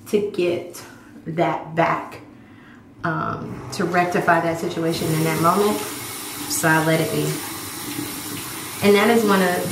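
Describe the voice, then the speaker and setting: A woman in her thirties telling a personal story to camera in a candid, emphatic way. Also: on the low side. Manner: candid, emphatic, acts out quoted voices. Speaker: vlog host. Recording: echoey room with clear background noise.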